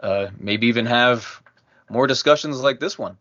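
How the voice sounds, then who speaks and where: A man hosts an interview, hesitant and filling pauses with "uh" and quick agreement. His pitch sits in the middle range. The audio is a little muffled, like a video call. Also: fairly bright tone. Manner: hesitant, many fillers, frequent affirmations. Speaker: interview host. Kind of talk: conversational interview.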